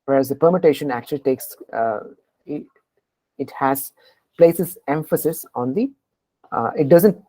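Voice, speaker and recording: A woman explains a programming problem to a class, stopping often with fillers and tag questions to check that students follow. Her voice is very low and mellow, with a husky edge. The sound is dry and close. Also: no room sound, poor audio. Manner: keeps asking "right?" to check understanding, with frequent pauses and fillers. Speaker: programming tutor.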